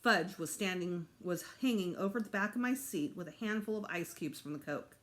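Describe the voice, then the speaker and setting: A woman teacher reading a children's chapter book aloud to her students in an expressive way. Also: fairly low pitch, moderate pace. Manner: expressive, animated.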